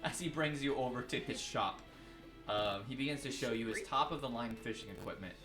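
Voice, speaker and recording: A man running a tabletop game as game master, narrating the scene and voicing characters in a lively way. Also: medium pitch, a little fast, over loud music. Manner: lively, voices non-player characters.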